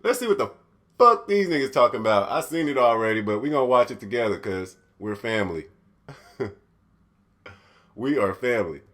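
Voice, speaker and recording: A man's voice: medium pitch, sing-song, normal speed, long pauses, fairly bright tone. A man hosting his own podcast, telling a story in a casual, profane, laughing way. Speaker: podcast host.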